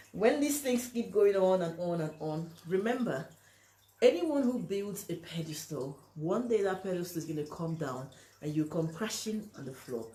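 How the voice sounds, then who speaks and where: A woman's voice: fairly low pitch, expressive, normal speed, mellow. A woman talking to camera and giving relationship advice, speaking emphatically and acting out the lines other people say. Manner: emphatic, acts out quoted lines, asks "you understand?". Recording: echoey room.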